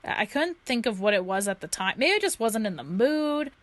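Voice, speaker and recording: A woman's voice: on the high side, lively intonation, fairly quick, no room sound. A young woman co-hosting a casual chat show, telling stories and acting out what people said. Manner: chatty storyteller, acts out quoted lines. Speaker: podcast co-host.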